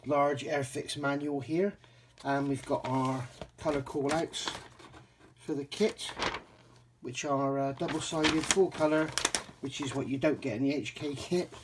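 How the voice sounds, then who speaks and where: A man's voice: a little high, fairly even intonation, measured pace, noisy background. A man from England casually reviewing a scale model kit, chatty with frequent ums and self-corrections.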